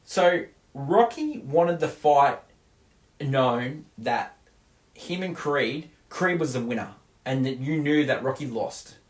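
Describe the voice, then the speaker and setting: Speaking slowly with lively intonation, a medium-pitched man co-hosts a casual movie review show. He animatedly recounts scenes and frequently starts over, and the room around him echoes.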